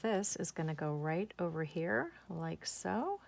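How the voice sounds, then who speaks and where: A woman's voice: on the low side, very animated, measured pace, creaky, a little mellow. A woman hosting a craft tutorial, chatting enthusiastically as she works step by step and talking to herself. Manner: chatty, enthusiastic, talks to herself while working. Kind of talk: casual step-by-step craft demonstration.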